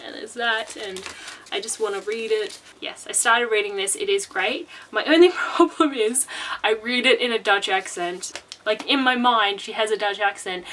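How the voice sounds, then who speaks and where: A woman's voice: on the high side, sharp tone, rough recording. A chatty, bubbly woman talking casually about books she plans to read, with restarts and laughs. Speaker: book vlogger. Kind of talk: casual book chat.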